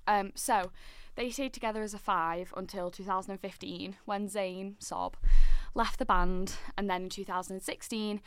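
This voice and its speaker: A woman's voice: medium pitch, fairly even intonation, normal speed, few pauses, a bit bright, smooth, no room sound. A woman co-hosting a podcast, chatting in a bubbly, giggly way. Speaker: podcast co-host. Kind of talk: casual chat.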